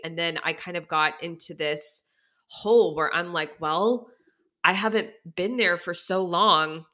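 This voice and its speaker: Bright-voiced woman, chatty and teary. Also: fairly low pitch. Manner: chatty, says "like" very often, emotional and teary at times. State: near tears. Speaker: podcast host. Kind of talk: candid personal talk.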